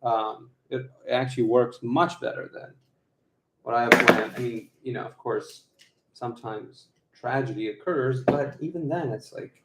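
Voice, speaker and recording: Man vlogging at home, mid-pitched, slow rambling delivery. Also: echoey room, heavy background noise. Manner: slow, rambling, with fillers and laughs. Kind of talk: casual vlog talk. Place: his apartment. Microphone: phone camera.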